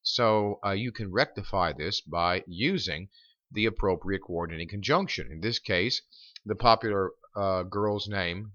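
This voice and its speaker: A low-pitched man lectures on writing over slides, his voice bright and forward. He explains step by step and fills pauses with ums and uhs. The recording is dry and dull, like a lo-fi voice-over. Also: no echo. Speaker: college writing instructor.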